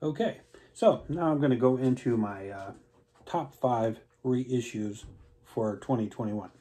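A man's voice: mid-range voice, measured pace, mellow. A man casually talking through his favorite records in a rambling vlog, with lots of fillers and easy enthusiasm. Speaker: vinyl collector reviewing records.

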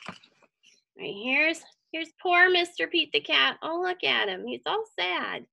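A woman reading a picture book aloud to children, animated and stopping to ask them questions. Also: high-pitched, a little slow, creaky. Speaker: children's story reader.

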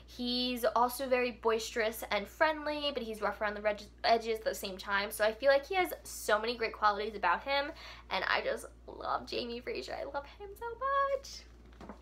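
A woman's voice: on the high side, normal speed, a bit bright. A young woman vlogger chatting casually and gushing about books, with lots of "like" fillers. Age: young adult. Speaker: book vlogger. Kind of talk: casual chat.

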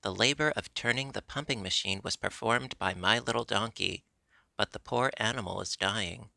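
A man doing a gruff scoffing gardener. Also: lowish voice, normal speed, sharp tone, no echo, clean studio sound, full character voice. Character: gruff mocking older male gardener.

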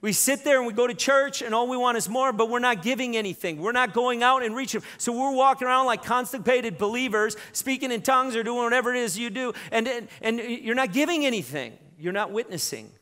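A middle-aged man preaching a sermon, telling a lively story with many repeated starts. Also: very high-pitched, brisk, hardly any pauses. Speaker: pastor. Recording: long reverb in a church hall.

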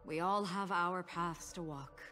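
An actress voicing a calm, cryptic and mysterious woman in a game, speaking in a slow, measured way. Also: lowish voice, over music, natural voice. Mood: enigmatic. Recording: game audio with long reverb.

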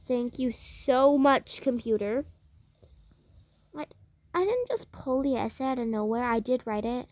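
A woman's voice: a little high, unhurried, darkish tone, dry recording. A young woman giving casual, rambling commentary while playing a game, talking to the game and her viewers. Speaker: gameplay vlogger.

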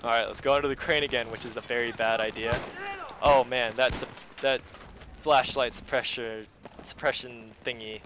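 With fairly even intonation, a moderate pace, and a fairly bright mid-range tone, a man commentates live gameplay for his viewers, chatting casually to them, muttering asides, and bursting into sudden exclamations. The audio has a little hiss or hum.

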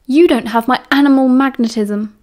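A woman's voice: high voice, normal speed, a little mellow, lightly acted. A woman reading as Sirius, a smug charming schoolboy. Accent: British. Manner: smirking, withering. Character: smug, charming teenage wizard boy.

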